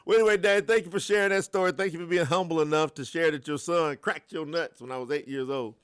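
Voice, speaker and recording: Animated Southern man hosting a livestream. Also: on the high side, fast talker, clear, resonant tone. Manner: animated, laughing, talks to the chat. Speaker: life coach, livestream host. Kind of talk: casual livestream chat.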